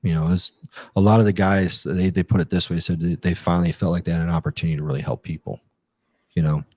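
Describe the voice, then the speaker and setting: A middle-aged man with a very low, mellow voice recalls his service in a relaxed interview. He talks in loose runs, full of fillers and restarts. The sound is dry and close. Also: quick pace, no echo. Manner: rambling, many fillers and restarts. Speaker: guest, retired Army captain. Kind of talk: casual interview storytelling.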